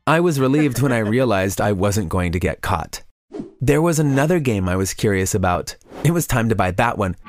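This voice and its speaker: A man telling a scripted confession story in an even, regretful storytelling voice. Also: on the low side, a little hiss or hum.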